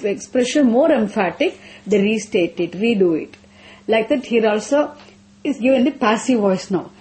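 A woman's voice: fairly high pitch, a little mellow. A woman teaching a scripture class, repeating phrases, asking rhetorical questions and chanting verses.

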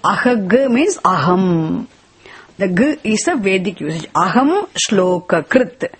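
A woman teaching scripture in a slow, repetitive lecture, asking rhetorical questions and chanting verses. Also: medium pitch, sing-song, breathy edge.

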